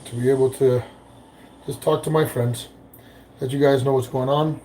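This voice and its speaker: A man's voice: medium pitch, steady tone, normal speed, mellow. A man vlogging casually while cooking breakfast in a home kitchen, rambling with lots of fillers and restarts. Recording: noisy room ambience.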